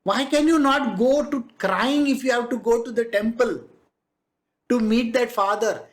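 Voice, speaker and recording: With an Indian English accent and an unhurried, mid-range voice, a spiritual teacher gives a lively, conversational devotional discourse. The teacher laughs often, drops in Hindi asides, and animatedly acts out the people in the stories.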